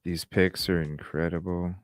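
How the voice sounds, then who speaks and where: A man's voice: sits low, little pitch movement, unhurried, faint music behind. A man hosting a casual livestream, rambling with fillers and restarts and greeting chat viewers. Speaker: livestream host.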